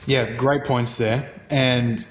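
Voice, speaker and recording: A man's voice: medium pitch, steady tone, slow. Wry rambling man in a roomy room. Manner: wry, sarcastic, rambling with hesitations. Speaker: co-host. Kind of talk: casual livestream discussion. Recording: roomy mic sound.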